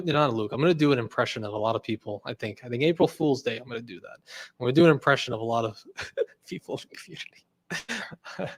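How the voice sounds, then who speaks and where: A man's voice: medium pitch, a bit bright. Guy chatting on his livestream, mid voice, jokey rants, second guesses everything. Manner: rambling, second-guesses himself, laughs often; jokey ranting. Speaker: host. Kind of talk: casual livestream chat.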